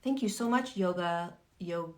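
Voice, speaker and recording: A woman's voice: mid-range voice, moderate pace, a bit bright. A woman teaching on a livestream in a casual, earnest way. She swears freely and acts out the voices of the people in her examples. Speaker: spiritual teacher hosting a livestream.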